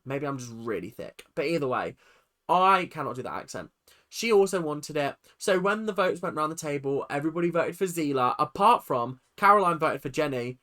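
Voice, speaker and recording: A young man casually ranting through a reality TV recap, chatty and animated, mocking people with quick impressions. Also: on the high side.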